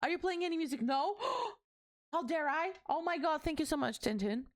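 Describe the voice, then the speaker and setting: A woman's voice: high-pitched, normal speed. A young woman from Portugal with a Portuguese accent, chatting casually with her live-stream chat while building a set. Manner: chatty, animated, reacts to chat.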